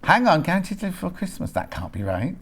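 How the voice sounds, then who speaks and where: A man's voice: high-pitched, very animated, fast, a bit bright, husky. A man presenting on a live shopping channel, reading out fabric prices in a chatty, jokey sales patter and bantering with the crew off camera.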